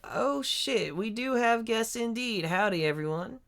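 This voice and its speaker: A man's voice: sits high, expressive, measured pace, gravelly, a bit bright, clean tone, pitched above the performer's own voice, exaggerated voice. Man putting on Jolly, a folksy old dwarf. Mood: cheerful welcome. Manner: folksy, swears freely, says howdy and y'all. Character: older scruffy male dwarf junkyard owner, gruff and folksy.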